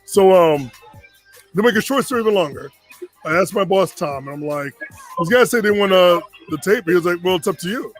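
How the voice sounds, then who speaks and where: With faint music playing, a Connecticut man in his forties spins a long, casual tale in a high-pitched, brisk voice. He's animated, voicing the other characters' lines himself.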